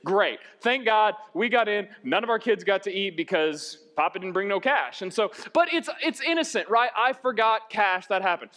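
Young man, pastor, high voice, casual joking sermon, turns earnest. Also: animated, normal speed, few pauses, pushed and bright. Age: young adult. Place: church sanctuary.

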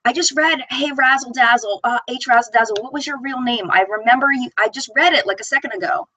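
A woman's voice: on the high side, fairly quick, bright, forceful tone, poor audio. A woman hosting a live makeup chat stream, bubbly and chatty, reading viewer comments aloud. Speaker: beauty channel host.

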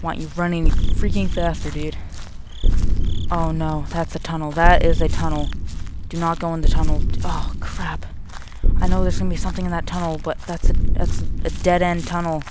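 Young gamer for horror let's play, jittery panicky muttering, slow delivery, noisy home recording. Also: mid-range voice.

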